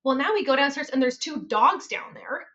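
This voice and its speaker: A woman hosting a podcast about real estate, telling stories in an animated, laughing, repetitive way. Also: high-pitched, normal speed, lo-fi sound. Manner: animated, laughing, repeats phrases for emphasis. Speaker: podcast host and realtor. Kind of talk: casual storytelling chat.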